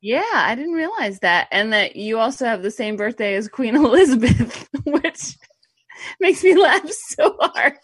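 A woman's voice: fairly high pitch, big pitch swings, unhurried, husky, dry recording, studio quality. A woman co-hosting a podcast over a remote call, chatting in a bubbly, teasing way. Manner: bubbly, teasing, laughs easily. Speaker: podcast co-host. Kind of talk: casual chat. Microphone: remote call mic.

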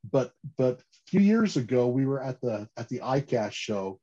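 A man telling stories about fishing rods in a casual interview, animated and full of restarts and "you know". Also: medium pitch, normal speed. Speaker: fishing gear company guest. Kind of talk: casual podcast interview storytelling. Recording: slightly dull lo-fi audio.

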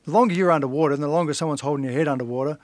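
A man's voice: fairly high pitch, very fast, dry recording. Blunt man telling his story. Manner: blunt, earnest, swears casually. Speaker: guest, fighter. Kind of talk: casual storytelling interview.

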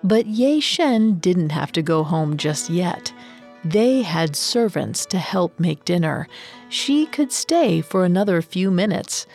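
Woman narrator, slow and dramatic, lowish voice, faint music under it. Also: sing-song, gravelly, darkish tone. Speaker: storyteller. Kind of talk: scripted story narration.

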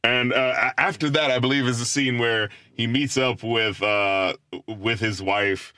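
Bright-voiced man in loose chat. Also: medium pitch, fairly even intonation, unhurried, smooth, dry recording. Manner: loose, hesitant, laughs easily. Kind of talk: casual film discussion.

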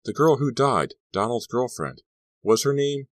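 A man's voice: sits low, expressive, moderate pace. A man voicing a flustered teenage boy. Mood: nervous. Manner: awkward, flustered. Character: nervous teenage boy, bullied ex-footballer.

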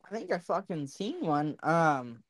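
Man, podcast host, swearing, animated pitch, dry close sound. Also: a little slow, no room sound. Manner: profane, laughs often. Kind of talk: casual chat.

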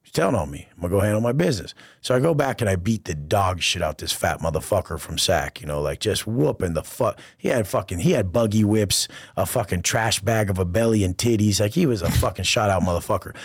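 A man's voice: lowish voice, animated, fairly quick, hardly any pauses, breathy edge, no room sound, studio quality. A man as a podcast guest, telling stories in casual, profane street slang and acting out the people he quotes. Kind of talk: casual storytelling interview.

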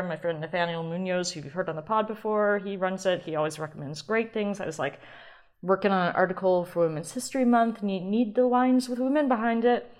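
Chatty woman podcast host. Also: on the low side. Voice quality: chatty, rambling, self-deprecating. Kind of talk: casual solo podcast chat.

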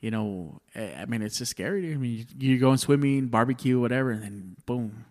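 A man's voice: mid-range voice, a little fast, darkish tone. Profane rambling man in his thirties. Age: 30s. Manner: rambling, profane storytelling with frequent restarts. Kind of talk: casual chat.

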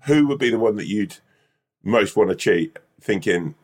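A podcast co-host chats casually, rambling his way through silly made-up scenarios. His voice sits on the lowish side, a little mellow, with lively intonation and a moderate pace.

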